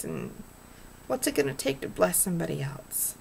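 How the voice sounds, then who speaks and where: A middle-aged woman vlogs a casual, heartfelt rant, earnest, rambling and preachy. Her medium-pitched voice swings widely in pitch and is brisk, creaky and a little mellow, with slight background noise.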